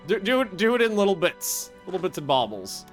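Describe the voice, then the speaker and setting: A man casually commenting on his own strategy game play, excitable, swearing freely and thinking aloud with restarts. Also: sits high, brisk, soft background music. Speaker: gaming video host.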